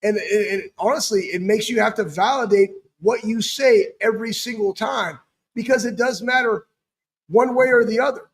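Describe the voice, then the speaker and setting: A man's voice: high voice, moderate pace, slightly rough. A man co-hosting a sports talk show as a former player, speaking earnestly and repeating points for emphasis. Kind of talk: casual sports chat.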